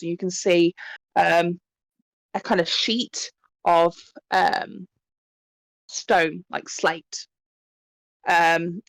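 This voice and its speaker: A woman's voice: lowish voice, creaky, no room sound. A woman narrating a tabletop horror game as game master, in a chatty way full of ums and likes.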